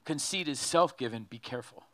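Bright, lively man preaching. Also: medium pitch, a little fast, slight background noise. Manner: animated, jokey preaching with put-on quotes. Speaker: pastor. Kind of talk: sermon.

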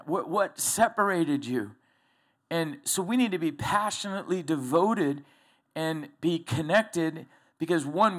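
A middle-aged man preaching a folksy, animated sermon to a church congregation, telling personal stories. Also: on the high side. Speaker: pastor.

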